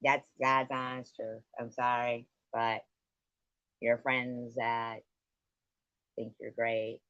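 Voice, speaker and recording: A woman hosting a live stream, taunting and swearing at a guest, her voice swinging between loud jabs and low mutters. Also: little pitch movement, slow pace, no room sound. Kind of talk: heated live stream argument. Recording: dull lo-fi stream audio.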